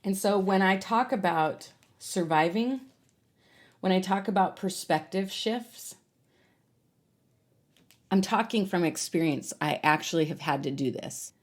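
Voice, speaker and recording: Woman podcast host, low-ish voice, candid faith monologue, loose and unscripted with fillers. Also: unhurried, pauses often. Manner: candid, earnest, many fillers and restarts.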